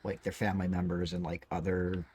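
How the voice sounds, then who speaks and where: A man's voice: low-pitched, little pitch movement, fairly quick, a little mellow, slightly rough. A man with a Midwestern American accent, chatting casually during a game stream with lots of "like" and "uh.". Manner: rambling, lots of fillers like "like" and "uh". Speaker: streamer and co-host. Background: game music.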